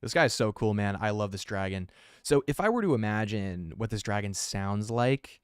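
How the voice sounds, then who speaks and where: Artist guy streaming and rambling while he draws, lots of "like", lowish smooth voice, dry close mic. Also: expressive, normal speed, no room sound. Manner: rambling and self-aware, heavy use of "like". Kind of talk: casual live-stream chat while drawing.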